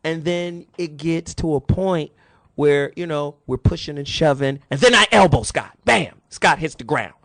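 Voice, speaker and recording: A man's voice: a little high, unhurried, no echo. A man in his forties hosting a radio talk show, telling a story with lots of laughter. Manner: animated storyteller, laughs often.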